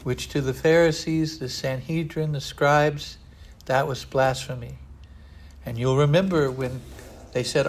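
An older man preaching a sermon in an earnest, rambling way, often pausing on "uh". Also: medium pitch, fairly even intonation. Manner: earnest, digressive, frequent "uh" fillers.

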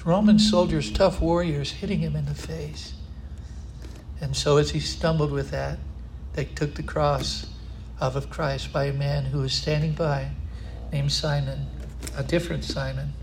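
A man preaching a sermon, impassioned and building to loud, emphatic climaxes. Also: a little high, fairly even intonation, measured pace, a little hiss or hum.

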